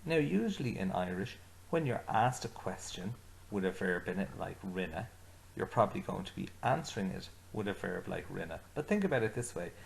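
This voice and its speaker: A man teaching an Irish language lesson, slowing down to model each phrase for his learners to repeat. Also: sits low, very animated, vocal fry, slight background noise. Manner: slows right down to model phrases for repetition. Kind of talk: slow, deliberate lesson with repeat-after-me drills.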